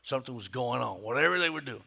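A middle-aged male pastor preaching a sermon, moving between hushed whispers and loud, emphatic peaks. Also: mid-range voice, animated, quick pace, creaky.

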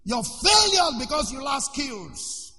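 A man, a pastor preaching a sermon with sudden shouts and questions to the congregation. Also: very high-pitched, big pitch swings, takes it slowly, long reverb tail, soft background music. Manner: preaching with shouts and call-and-response.

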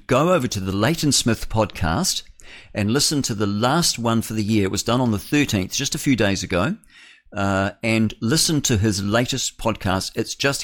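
A male breakfast-radio host talks on at length in a fairly low voice, rambling from point to point. He often laughs at his own remarks. He sounds close to a studio microphone. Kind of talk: opinionated talk radio monologue.

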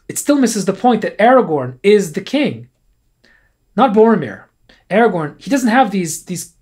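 A podcast host giving an opinionated solo monologue, animated and ranting, with self-deprecating asides. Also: medium pitch, breathy edge.

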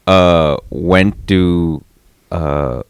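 A man's voice: sits low, very slow, smooth, no room sound. A young man in a casual podcast chat, self-mocking and laughing often, swearing freely.

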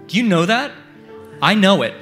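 Guest preacher, man, middle-aged, animated storyteller, drops to hushed prayer then surges loud. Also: high-pitched, normal speed, music in the background. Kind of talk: sermon. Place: church service.

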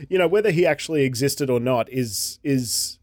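A man's voice: mid-range voice, animated, moderate pace, a little mellow, dry recording. A man co-hosting a casual podcast, rambling with fillers and restarts as he reads out a story summary. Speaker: podcast co-host. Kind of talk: casual chat, reading a synopsis aloud.

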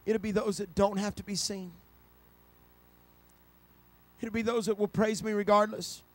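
A middle-aged male preacher giving a sermon, telling stories with frequent restarts and building to loud, high-pitched preaching. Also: flat delivery, unhurried, no room sound. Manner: storytelling, with repeated restarts.

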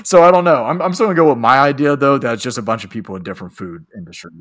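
A man's voice: medium pitch, lively intonation, very fast, fairly bright tone. A man co-hosting a casual movie-review chat, profane and rambling, with lots of fillers and frequent laughs. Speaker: podcast co-host.

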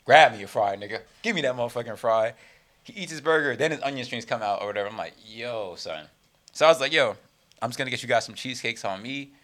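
A man's voice: medium pitch, expressive, fast talker, fairly bright tone. A man co-hosting a podcast, telling a profane story about his restaurant shift in a casual rant. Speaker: podcast co-host.

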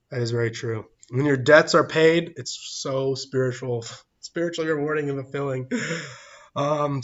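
Man, livestream host, casual rambling chat, frequent laughs, mid-pitched, dull lo-fi sound. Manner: rambling, laughs often, thanks chat viewers. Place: church, public place.

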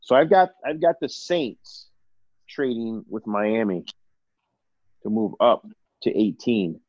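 A man's voice: on the low side, lively intonation, takes it slowly, a little mellow, dry recording, highs cut off. A man co-hosting a casual podcast, talking hesitantly and restarting often. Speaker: podcast co-host. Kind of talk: casual chat.

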